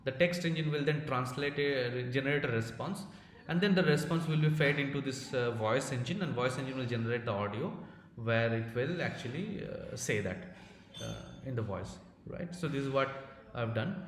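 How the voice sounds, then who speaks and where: Man with an Indian accent presenting in a hall. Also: mid-range voice. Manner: halting, many fillers and restarts. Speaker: conference speaker. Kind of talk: technical conference presentation. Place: conference hall. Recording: echoey hall with faint noise.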